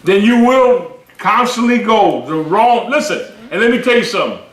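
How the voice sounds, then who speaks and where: A man in his sixties, a bishop preaching a sermon with lively humor and laughing asides. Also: high-pitched, normal speed. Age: 60s. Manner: animated, laughing asides, acts out quoted voices. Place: church sanctuary. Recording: roomy church recording with congregation responses.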